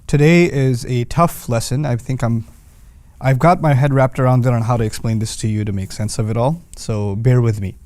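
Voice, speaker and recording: Male teacher, casual explainer, mid pitch, dry close sound. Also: moderate pace, darkish tone, no room sound. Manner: conversational, explains with everyday examples. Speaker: teacher of Quranic Arabic.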